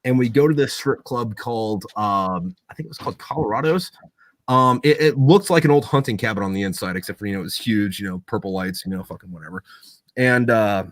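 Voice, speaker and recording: A man's voice: lowish voice, expressive, fairly quick, dry recording. A man who served as a Marine, telling a long story in a casual, profane way, rambling and full of fillers. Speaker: Marine veteran.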